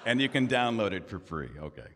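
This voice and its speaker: A man's voice: on the low side, animated, fairly quick, fairly bright tone, big-room sound. A man giving a talk, with a conversational manner and many rhetorical questions. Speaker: guest speaker. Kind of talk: lecture presentation. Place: lecture hall.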